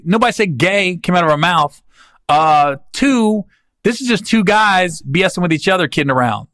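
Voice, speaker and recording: A comedian hosting his podcast, spinning rambling road stories in loose slang. His voice is bright and fairly high, and it swings up and down with lots of life. The sound is close and dry. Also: no echo. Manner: animated, slangy, rambling with restarts. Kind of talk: casual comic storytelling.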